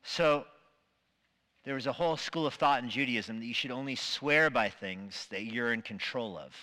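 Guy preaching a sermon, bright forceful voice, long church reverb, acts out little voices. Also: medium pitch, moderate pace. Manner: animated, acts out quoted voices. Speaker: pastor. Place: church sanctuary.

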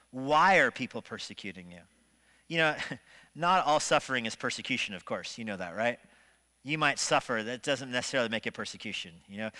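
A male pastor with a bright, medium-pitched voice preaches a sermon in a church sanctuary. His delivery is animated, with shifting loudness and rhetorical questions, and the long reverb of the church hall surrounds him.

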